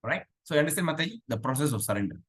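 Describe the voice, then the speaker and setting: A man leading an online devotional class over a video call, asking the class questions and chanting verses slowly. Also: on the high side, animated, a bit bright, husky. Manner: chatty, asks the class questions. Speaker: spiritual teacher.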